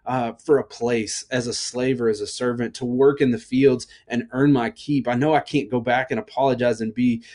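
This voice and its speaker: A man's voice: medium pitch, fairly even intonation, normal speed, few pauses, darkish tone, close to an everyday voice. A man voicing a desperate, starving young man who talks himself into going home to beg for work. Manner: pleading, talking to himself.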